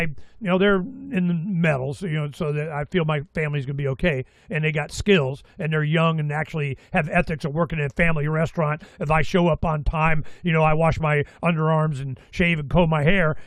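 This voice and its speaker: A man's voice: a little high, no echo. An older man hosting a show, ranting bluntly in casual political commentary and swearing freely. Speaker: show host.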